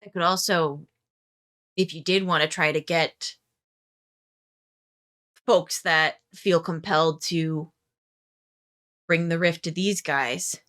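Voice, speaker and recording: A woman's voice: fairly low pitch, fairly even intonation, slow pace, long pauses, a bit bright. A woman narrating as game master in a tabletop game, rambling with jokey asides.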